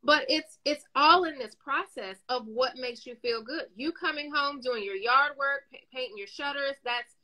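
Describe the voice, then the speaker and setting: Bright, lively woman giving advice. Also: high-pitched, moderate pace, hardly any pauses, poor audio. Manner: animated storyteller, acts out dialogue, gives advice. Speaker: guest speaker. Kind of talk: casual motivational chat.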